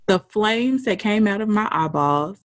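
A woman chatting casually as a co-host, telling a work story. Her voice rises and falls widely as she acts out quotes and swears freely. She sits at a middle pitch for a woman. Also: lively intonation, takes it slowly. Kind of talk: casual chat.

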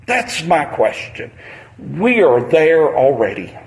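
A man's voice: on the high side, very animated, moderate pace, low-quality recording. A man, preaching a sermon on a Bible passage in a conversational storytelling manner.

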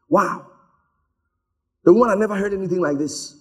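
A man preaching a sermon, telling stories in an animated way and slipping into voices for the people in them. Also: high voice, moderate pace. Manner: animated storytelling, acts out voices.

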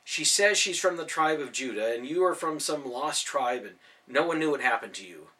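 A wry young traveler explains things earnestly, a little exasperated, as a male storyteller voices him. The tone is bright with lively pitch. The voice sounds a little distant from the mic. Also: moderate pace. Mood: patient. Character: young man traveler, patient but wry.

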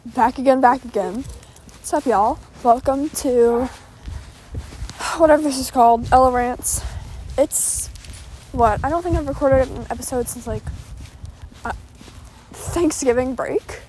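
Chatty high-voiced teen girl vlogging. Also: mellow, a little hiss or hum. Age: teens. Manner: chatty, distracted, quick asides and fillers. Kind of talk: casual rambling vlog while walking a dog. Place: outdoors on a walk. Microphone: phone.

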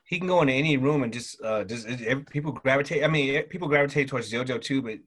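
A man in his thirties from the American South, a military father talking as a guest in a relaxed chat. He talks loosely with lots of fillers and livens up when quoting people. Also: medium pitch, fast. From Southern United States. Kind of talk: casual conversational storytelling.

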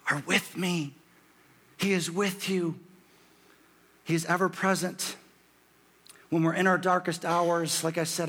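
A man in his thirties with a hoarse voice, preaching a sermon as a pastor and lifting his voice when he quotes scripture. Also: a bit bright. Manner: rises in pitch and volume when quoting scripture.

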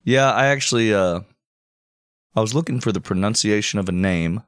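A man's voice: fairly low pitch, normal speed, no echo, studio quality. A man co-hosting a comedic podcast, wisecracking and ranting with energy. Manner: wisecracking, animated when ranting. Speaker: podcast co-host. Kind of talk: casual comedic chat.

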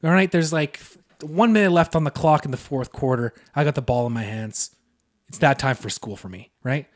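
A man's voice: mid-range voice, a little fast. A young man co-hosting a podcast, telling rambling, profane stories and laughing often. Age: young adult. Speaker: podcast co-host. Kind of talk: casual podcast chat.

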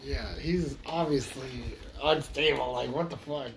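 A man's voice: medium pitch, unhurried, gravelly, slight background noise. A man co-hosting a casual podcast in a laid-back, agreeable way, tossing questions to his partner. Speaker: podcast co-host.

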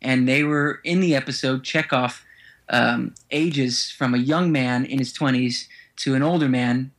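A man's voice: mid-range voice, a little slow, fairly bright tone. A man, an actor guest on a podcast, telling stories in a chatty way and laughing easily. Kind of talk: casual podcast interview.

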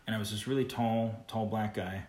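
Rambling low-voiced man in an echoey room. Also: steady tone, brisk, darkish tone. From California. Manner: rambling, repeats words, restarts often. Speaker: podcast host. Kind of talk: casual chat.

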